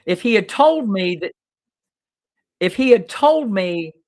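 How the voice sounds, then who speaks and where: A man's voice: high-pitched, very animated, slow. A man, a lawyer hosting his own show, talking casually to viewers in a blunt, plain-spoken way, swearing freely and telling stories. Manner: storytelling, reenacts his own past lines.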